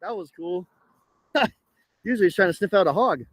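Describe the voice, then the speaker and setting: A man from California hosting a casual live-stream vlog outdoors, chatty and excitable, swearing now and then as he coaxes his dog along. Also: sits high, normal speed, dry recording.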